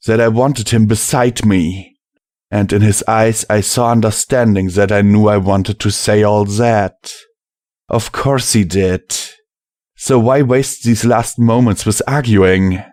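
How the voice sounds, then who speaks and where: A man narrating a fan fiction audiobook in the first person, emotional and measured. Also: lowish voice, a little mellow, no room sound, clean studio sound. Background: faint music.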